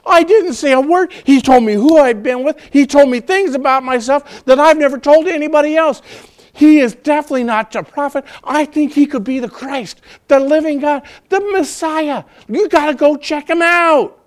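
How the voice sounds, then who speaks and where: A man playing a breathless, overjoyed woman. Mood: thrilled. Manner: breathless, gushing, high and fast. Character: excited woman telling the town her news.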